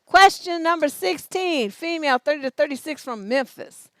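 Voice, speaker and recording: A woman's voice: high-pitched, expressive, normal speed, dry recording. A woman relationship coach on a livestream advice show, reading out letters and answering in a blunt, profane, scolding way.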